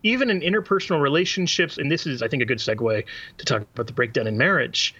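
A man's voice: medium pitch, quick pace, bright, forceful tone, breathy edge, lo-fi sound. A man on a talk show, making his points earnestly and fluently. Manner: earnest, fluent, quotes sources. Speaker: co-host.

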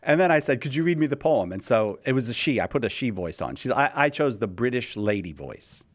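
A man's voice: mid-range voice, big pitch swings, a little fast. Guy hosting a podcast, rambling story, lots of restarts, voice jumps all over. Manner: mimics a cheerful chatbot voice in quotes. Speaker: podcast host. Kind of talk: casual chat.

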